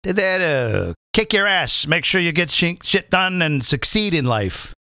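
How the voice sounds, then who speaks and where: A man doing a live comedic rant, mocking and animated, with lots of fillers and asides. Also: a little high, measured pace, no echo, clean studio sound. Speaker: comedian and impressionist host. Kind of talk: live comedic rant reading tweets aloud.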